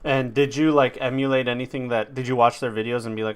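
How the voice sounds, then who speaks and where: A man's voice: mid-range voice, little pitch movement, fast, smooth. A man hosting a podcast, chatting casually and rambling with lots of filler words and the odd swear. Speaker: podcast host. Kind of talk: casual chat.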